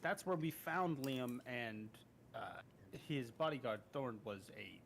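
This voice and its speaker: A mid-pitched man playing a tabletop game, a little drunk and slurring slightly. He rambles and corrects himself as he recaps. A faint hiss sits behind him. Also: animated, a little slow, a bit bright. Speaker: player. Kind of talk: casual tabletop game chat.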